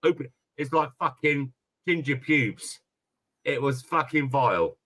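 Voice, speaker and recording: A man's voice: medium pitch, unhurried, a bit bright. A British man hosting a live stream chat, telling stories animatedly and swearing freely. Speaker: streamer host.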